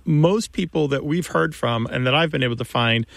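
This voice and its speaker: A man's voice: on the high side, moderate pace, gravelly, a bit bright, no room sound. A man co-hosting a call-in radio show about language, explaining at length to callers in a thoughtful way.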